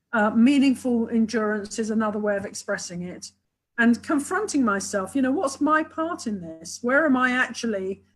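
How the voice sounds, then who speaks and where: A couples therapist speaks enthusiastically and at length during a webinar, explaining her ideas with many asides. Her voice sits on the high side, and the audio quality is poor.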